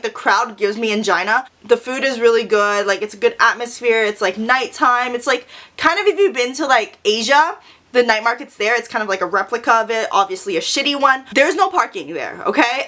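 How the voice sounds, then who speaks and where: A young woman telling a storytime vlog in an animated, profane, dramatic way. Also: on the high side, moderate pace. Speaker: vlogger.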